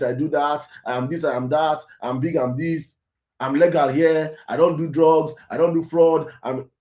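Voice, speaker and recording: A man's voice: medium pitch, darkish tone, reverberant. A Nigerian man hosting his own show, giving emphatic commentary that repeats key phrases and slips into Pidgin. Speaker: host. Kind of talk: impassioned commentary.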